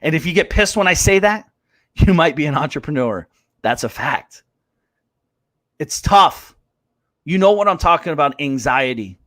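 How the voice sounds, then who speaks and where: A man's voice: a little high, lively intonation, normal speed, long pauses, pushed and bright, no room sound, studio quality. A man hosting a live business show, ranting bluntly and swearing as he acts out voices of others. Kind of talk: fired-up motivational rant.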